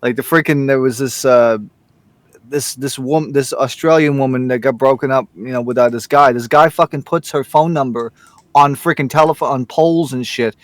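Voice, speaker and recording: A man's voice: medium pitch, fairly even intonation, normal speed, no echo. A man co-hosting a casual group podcast chat, rambling and swearing freely as he tells stories. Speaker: podcast co-host.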